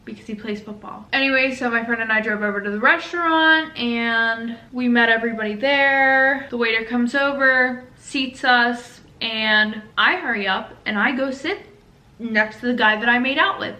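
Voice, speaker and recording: Chatty woman storytime vlogger, kinda high voice, lots of likes and swearing, echoey room. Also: normal speed, pushed and bright. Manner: chatty, swears, many "like" fillers. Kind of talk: casual storytelling.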